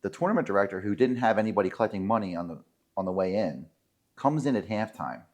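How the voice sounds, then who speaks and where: Lowish-voiced guy rambling thru a ref story, lots of ums and likes. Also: very animated, quick pace, darkish tone. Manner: rambling, self-deprecating storyteller with many fillers. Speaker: podcast co-host, sports referee. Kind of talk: casual storytelling chat.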